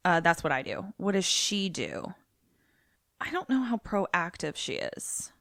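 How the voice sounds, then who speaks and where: Low-voiced chatty woman. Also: sing-song, a little slow, gravelly, fairly bright tone, no room sound, clean studio sound. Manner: chatty, reacts and guesses aloud. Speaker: podcast co-host. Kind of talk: casual chat.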